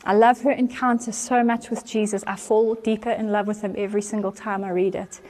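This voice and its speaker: A woman preaching from a church stage, retelling an old story with earnest conviction. Her voice sits at a middle pitch. She tells the story in an animated way and brings quoted voices to life as she goes. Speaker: church speaker. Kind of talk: storytelling sermon.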